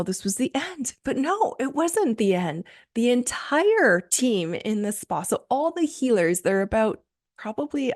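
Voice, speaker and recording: A woman hosts a solo podcast and tells a personal story. She sounds chatty and enthusiastic, with plenty of casual fillers. Her voice sits at a middle pitch. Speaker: podcast host.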